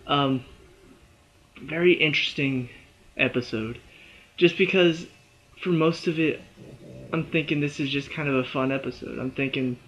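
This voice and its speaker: A man with a fairly high voice talks through a TV episode review in a loose, chatty way, dropping "you know" and "uh" as he goes. The recording is slightly dull and lo-fi. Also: measured pace, long pauses, a bit bright. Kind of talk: casual spoken review.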